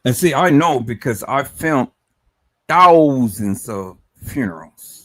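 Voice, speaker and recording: This livestream host has a medium-pitched, expressive voice and speaks slowly. Emotional and forceful, he stammers, repeats words, and refers to his viewers as "people".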